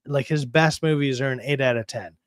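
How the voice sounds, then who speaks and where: A man's voice: medium pitch, brisk, no room sound, studio quality. A man hosting a stream chat, telling stories casually with lots of swearing and animation. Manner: profane, animated storytelling. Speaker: stream host.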